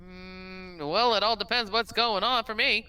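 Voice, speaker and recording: A woman's voice: mid-range voice, steady tone, a little slow, sharp tone, clear, resonant tone, rough recording. A woman co-hosting a stream, chatting in a playful, easygoing way and laughing along. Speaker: streamer and co-host. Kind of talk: casual stream chat.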